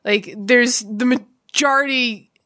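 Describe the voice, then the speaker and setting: Bright-voiced woman venting bluntly. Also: fairly high pitch, slow, no room sound, studio quality. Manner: emotional, blunt and profane. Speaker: podcast co-host. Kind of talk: candid conversational storytelling.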